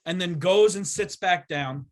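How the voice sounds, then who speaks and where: A man's voice: high-pitched, unhurried. A young man co-hosting a podcast, telling a story in casual chat and acting out the voices of the people in it. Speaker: podcast co-host.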